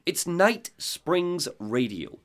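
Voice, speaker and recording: A man's voice: on the high side, big pitch swings, extremely slow, fairly bright tone. A man hosting a podcast, recapping a game in a joking, casual way. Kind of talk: casual chat.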